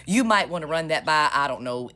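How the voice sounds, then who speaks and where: A woman's voice: low voice, animated, a little fast, fairly bright tone. Sassy, profane woman ranting on a podcast. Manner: sassy, sarcastic, profane, calls people honey. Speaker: podcast co-host. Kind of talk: profane political commentary.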